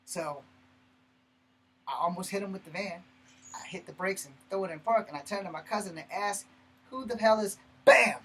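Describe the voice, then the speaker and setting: A man telling a personal story in a blunt, profane, animated way, breaking off and restarting mid-sentence. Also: high-pitched, moderate pace, long pauses, a little hiss or hum, low-quality recording. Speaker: martial arts channel host. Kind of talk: personal story told to camera.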